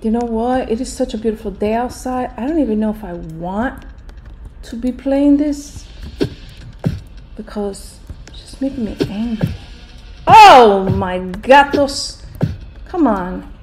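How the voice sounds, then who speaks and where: Older woman, high voice, grumbling sarcastically over her gameplay, faint music behind. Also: moderate pace, warm tone. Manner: grumpy, sarcastic ranting. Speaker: gaming channel host. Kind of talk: gaming commentary.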